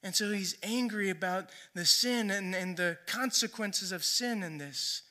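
A man's voice: sits high, a little slow, pushed and bright. A man preaching a sermon in a conversational storytelling way, often checking in with "right?". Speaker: pastor.

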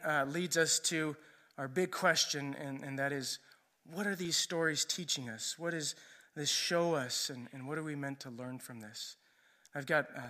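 A man's voice: fairly high pitch, bright, forceful tone. A male preacher giving a sermon in a conversational storytelling way, often checking in with "right?".

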